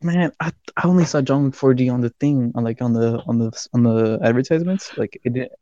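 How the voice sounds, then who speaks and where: A man's voice: mid-range voice, fairly quick, dark tone, dry recording, dull audio. A young man casually telling a story on a podcast, rambling and swearing a lot. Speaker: podcast co-host.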